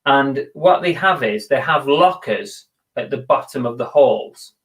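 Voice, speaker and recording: A man's voice: mid-range voice, lively intonation, a little slow, a bit bright. Chatty man on a live stream. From England. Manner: self-deprecating, chatty, swears casually. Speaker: co-host of a reselling live show. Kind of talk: casual chat on a live stream.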